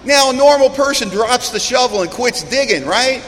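A middle-aged man with a high voice stands before a recovery meeting and tells his own story, animated and quick to poke fun at himself. His words ring out with a long reverb in a large hall, and a faint background hum sits under him. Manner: animated, self-mocking storyteller. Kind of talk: personal storytelling talk.

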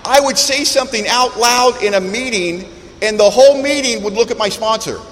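High-voiced man telling stories in a hall. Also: moderate pace, fairly bright tone. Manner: humorous, earnest storytelling. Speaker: recovery meeting speaker. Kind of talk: storytelling talk to a meeting. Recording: long hall reverb, faint background noise.

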